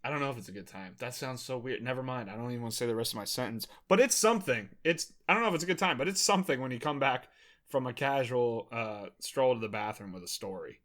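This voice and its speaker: Talking fast in a medium-pitched voice, a young podcast host from Maryland, USA, laughs frequently as he shares animated stories laced with profanity in relaxed conversation.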